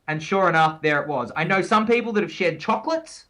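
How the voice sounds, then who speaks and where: A male podcast co-host with a bright, forceful voice. He talks casually, in the manner of a motivational coach, and hammers his points home by saying them twice. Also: on the high side, expressive, a little fast, poor audio. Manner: pep-talk delivery, repeats key phrases for emphasis.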